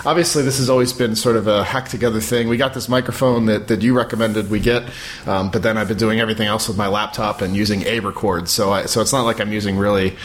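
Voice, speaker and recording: Fast-talking man repeating words. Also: lowish voice, steady tone, slight background noise. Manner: quick, repeats words as he restarts. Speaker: podcast co-host. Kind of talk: casual chat.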